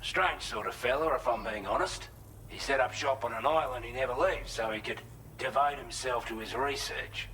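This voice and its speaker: A gruff, matter-of-fact Australian contact, played by a man in a game, talking plainly and a bit salty. His voice is bright and forceful, with faint ambience behind him. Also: medium pitch, moderate pace, slight background noise, lightly acted, poor audio. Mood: reflective. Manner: blunt, salty, conversational briefing.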